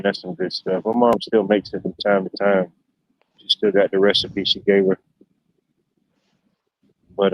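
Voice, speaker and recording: Here a male livestream host with a low-pitched voice rambles through easygoing, casual storytelling, leaning heavily on fillers. The sound is muffled, dull lo-fi stream audio.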